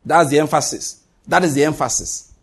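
Husky high-voiced pastor preaching. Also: male voice, brisk. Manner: emphatic, repeats key lines, joking asides. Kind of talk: sermon.

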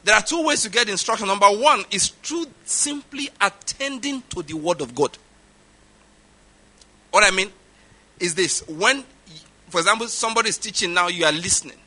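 Emphatic Nigerian pastor with a high bright voice. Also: male voice, lively intonation, normal speed, pauses often. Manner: emphatic, repeats points for stress. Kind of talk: sermon.

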